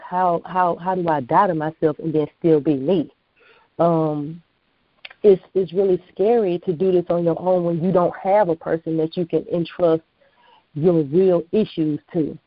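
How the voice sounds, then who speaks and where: A woman's voice: low-pitched, no echo. An American woman, a guest author and minister, giving earnest personal testimony on a call-in show. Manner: earnest, preacherly, plainspoken. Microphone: phone. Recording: dull dry phone line.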